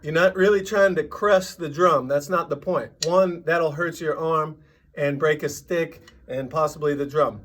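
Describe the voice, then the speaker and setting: A man teaching a drum lesson, patiently explaining and counting sixteenth-note rhythms out loud. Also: on the high side, measured pace, slight background noise.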